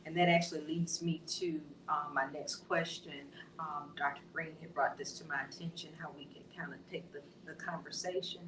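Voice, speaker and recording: A middle-aged woman pastor hosting a candid panel conversation, expressive and playful with colloquial asides. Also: low-pitched, brisk, hardly any pauses, echoey room, recorded from a distance, noisy background. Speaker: pastor and host.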